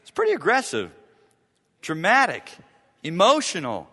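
A man preaching a sermon, with dramatic swings from loud urgency to hushed, near-whispered lines. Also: high-pitched, huge pitch swings, unhurried. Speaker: pastor. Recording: long reverb of a large hall.

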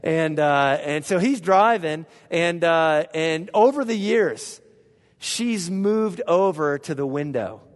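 Male pastor, slightly high voice, animated sermon delivery with questions to the congregation, long hall reverb. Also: slow. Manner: animated, asks the congregation questions, swings from hushed to loud.

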